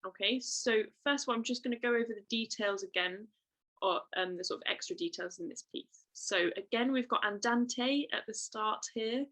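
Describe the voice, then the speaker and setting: A woman's voice: on the high side, moderate pace, fairly bright tone, rough recording. A young woman giving an online trumpet lesson, explaining patiently and encouragingly with many fillers. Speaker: trumpet teacher.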